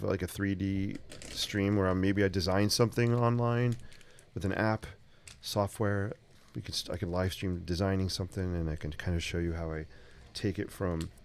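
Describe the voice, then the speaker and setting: Speaking at a moderate pace in a smooth, low-pitched voice, this man keeps up cheerful, chatty talk with his viewers as he draws on a live sketching stream. He's in his home art studio, and a 3D printer hums faintly behind him.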